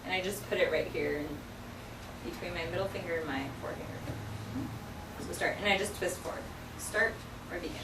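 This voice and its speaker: A woman's voice: fairly low pitch, moderate pace, pauses often, background noise. A woman teaching a sign language vocabulary lesson in a classroom, explaining each sign patiently, step by step, with many fillers. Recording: echoey classroom from far off.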